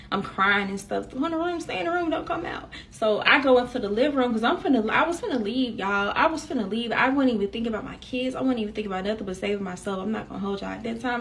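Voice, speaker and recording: A woman's voice: on the high side, a bit bright, slight background noise. A young woman telling a personal story to her viewers in a candid, slangy, casual way.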